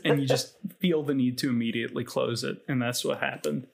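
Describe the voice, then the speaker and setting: A man with a mid-range voice joins a podcast as a guest in casual chat. His humor is wry and deadpan, and he often stammers as he starts a thought. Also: mid-range voice, brisk, creaky, a little hiss or hum.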